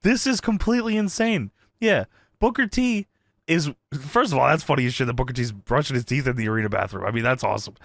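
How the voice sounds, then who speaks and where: A man's voice: medium pitch, lively intonation, fast, creaky, no echo, clean studio sound. A man co-hosting a podcast in casual chat, acting out quotes and laughing a lot. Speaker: podcast co-host. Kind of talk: casual retro wrestling review chat.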